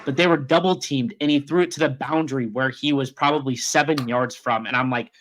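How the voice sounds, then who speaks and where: A young man co-hosting a casual sports podcast, telling a story with excitement and quoting himself and his friend. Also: medium pitch, brisk, slight background noise. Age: young adult. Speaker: podcast co-host.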